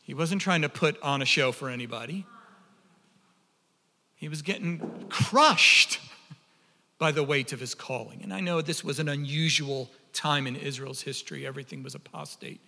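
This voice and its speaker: A man preaching a sermon, impassioned and animated, often repeating words as he builds up. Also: mid-range voice, moderate pace, creaky, in a large hall.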